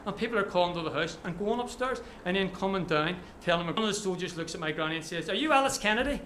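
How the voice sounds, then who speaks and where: A man's voice: sits high, quick pace, fairly bright tone, slight background noise. A man reading his own short story aloud at a live event, telling it vividly in the present tense. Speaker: author.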